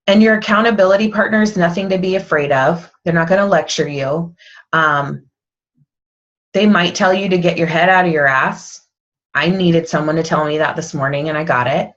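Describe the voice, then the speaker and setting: Candid coach woman, low and muffled. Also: normal speed, fairly bright tone. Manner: candid, motivational, self-deprecating. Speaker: fitness coach. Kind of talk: casual team call.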